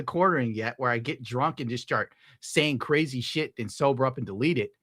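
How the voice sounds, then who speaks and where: A man's voice: mid-range voice, normal speed, hardly any pauses, bright, forceful tone, no room sound, clean studio sound. A young man streaming live, reading out viewer tips and ranting casually with lots of swearing. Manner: profane, ranting, gets worked up. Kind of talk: casual livestream chat.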